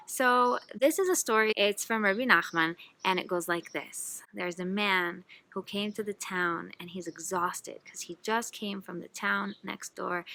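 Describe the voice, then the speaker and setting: Woman, rebbetzin, animated storytelling, higher voice, birdsong background. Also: a little slow, slight background noise. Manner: animated, acts out the characters. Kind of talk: storytelling teaching.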